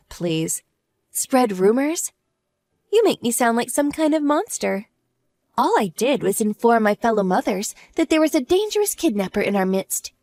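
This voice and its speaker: A woman plays a wronged wife in an audio drama, cool and mocking. Her fairly high voice moves with lively, sarcastic turns. The sound is dry and close. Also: no room sound. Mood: smug. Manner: smug, sarcastic, unhurried.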